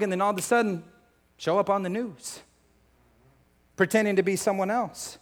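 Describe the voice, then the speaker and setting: A man preaching a sermon, animated and acting out scenes from scripture as he reads them. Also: high voice, fairly quick. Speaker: pastor. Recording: long hall reverb.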